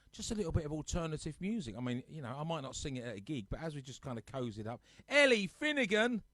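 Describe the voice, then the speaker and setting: A man's voice: medium pitch, no echo. A man casually chatting to live viewers on his home sofa show, teasing them and reading out their comments. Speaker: host of a live-streamed music show.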